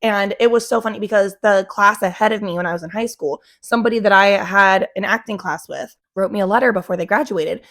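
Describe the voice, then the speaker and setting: A young woman talks in a loose, candid way on her home vlog, with a middle pitch and an easy flow. She peppers her speech with "like" and tosses in the odd casual swear. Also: a little fast, hardly any pauses, a bit bright. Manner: chatty, candid, swears casually, many "like" fillers. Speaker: cannabis vlogger. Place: at home with a dog in her lap.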